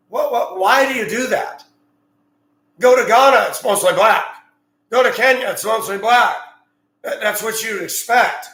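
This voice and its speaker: A man who drives a school bus, talking in a blunt, rambling, opinionated monologue. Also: high-pitched. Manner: blunt, rambling, gets heated and loud. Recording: echoey room.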